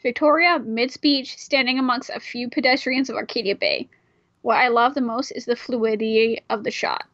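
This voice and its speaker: Woman, high voice, joking, swears, let's play reading, dull dry mic. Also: moderate pace, dry recording. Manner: animated, joking, swears often. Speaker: gamer reading a visual novel aloud. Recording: dry, slightly muffled mic.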